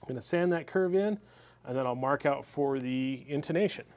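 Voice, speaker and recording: A man talking through a guitar repair step by step in his workshop, relaxed and methodical as he works with his hands. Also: medium pitch, moderate pace, no echo. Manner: relaxed, methodical, talks while working with hands. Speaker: luthier demonstrating a repair.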